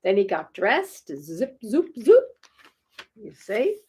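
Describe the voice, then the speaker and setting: A woman's voice: medium pitch, wildly swooping pitch, slow pace, darkish tone, slightly rough. A woman reading a picture book aloud to young children, playful and chuckling, often asking her listeners questions. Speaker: children's storytime reader.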